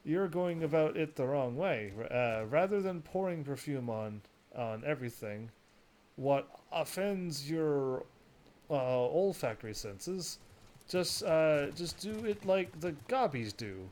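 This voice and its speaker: A man's voice: fairly high pitch, lively intonation, takes it slowly, a little mellow. A man voicing a folksy male chocobo handler who drawls out homespun advice while reading game dialogue aloud. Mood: drawling.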